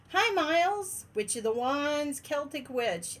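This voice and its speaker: A woman's voice: high voice, very animated, slow, few pauses, fairly bright tone. A woman hosting a casual livestream from her den at home, bubbly and laughing often as she greets viewers one by one. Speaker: livestream host.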